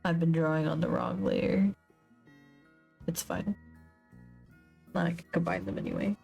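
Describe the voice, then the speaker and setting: A woman chats casually at her home desk while drawing on stream, breaking into frequent laughter. She talks slowly and loosely, and faint music plays in the background. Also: fairly low pitch, steady tone, creaky, dark tone. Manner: giggly, laughs often.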